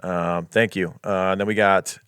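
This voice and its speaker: A man's voice: low-pitched, fairly even intonation, normal speed, fairly bright tone, clean tone, no echo, clean studio sound. A man co-hosting a podcast, reading listener reviews aloud in an easygoing, casual way. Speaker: podcast co-host.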